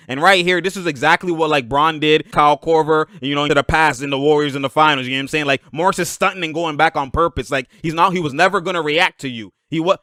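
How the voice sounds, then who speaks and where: A man hosting a casual basketball breakdown over game footage, animated and laughing as he shouts at plays. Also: a little high, clear, resonant tone, no room sound, clean studio sound. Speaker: basketball video host.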